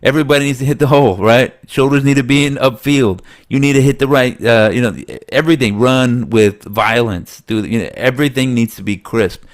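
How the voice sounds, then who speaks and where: A man co-hosting a sports podcast in casual chat, slightly nasal, rambling and animated, laughing often. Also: mid-range voice, fairly quick, few pauses. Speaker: podcast co-host.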